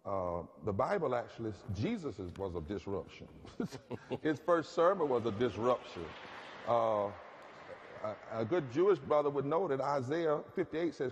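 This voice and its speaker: A man's voice: mid-range voice, lively intonation, moderate pace, a little mellow. Preaching man in a reverberant hall. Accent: Southern US. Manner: rhythmic, rising to emphatic preaching peaks. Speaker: pastor and activist panelist. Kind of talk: preacherly storytelling. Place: large chapel hall.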